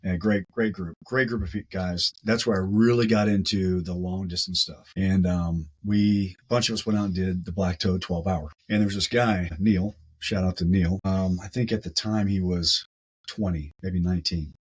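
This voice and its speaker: A man with a low, husky voice, a guest on a podcast telling a story. He talks casually and with animation, doubling up words as he goes. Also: steady tone, normal speed, low-quality recording.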